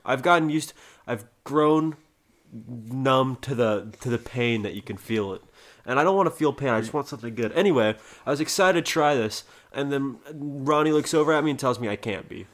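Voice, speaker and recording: A man's voice: medium pitch, expressive, moderate pace. A man guesting on a casual podcast, talking boisterously, defending himself and issuing bold challenges. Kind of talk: casual chat.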